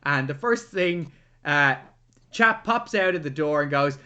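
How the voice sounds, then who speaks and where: A man co-hosting a casual film review podcast, retelling the plot in an animated way and swearing freely. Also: fairly high pitch, measured pace, highs cut off. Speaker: podcast co-host.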